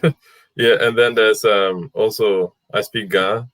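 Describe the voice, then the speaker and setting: Deep-voiced host, dry sound. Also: male voice, unhurried, no echo. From Ghana. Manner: relaxed, reads out viewer comments. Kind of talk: casual live chat.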